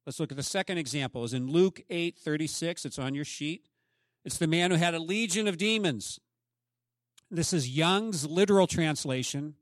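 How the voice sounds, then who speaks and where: A man's voice: on the high side, moderate pace, no room sound, clean studio sound. A man preaching a sermon as pastor, emphatic and often asking the congregation questions.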